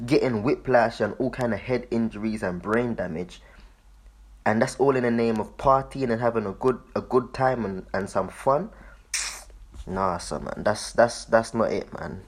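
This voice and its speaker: Husky low-voiced man commenting casually. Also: a little slow. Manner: loose, swearing, laughs often, repeats words. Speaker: online commentator.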